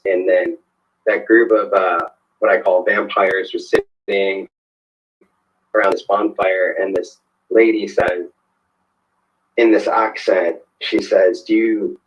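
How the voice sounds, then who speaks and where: A man with a fairly low voice tells a personal story as a guest, slowly and with many hesitations and restarts. The recording sounds dull and lo-fi, as if the highs were muffled. His delivery is unhurried and conversational. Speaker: guest telling a personal experience.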